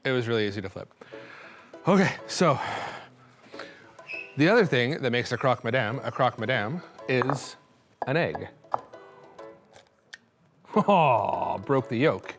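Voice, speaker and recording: A man's voice: mid-range voice, expressive, unhurried, pauses often, soft background music. A man hosting a cooking show, chatting in a rambling, self-mocking, nervous-joking way. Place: studio kitchen.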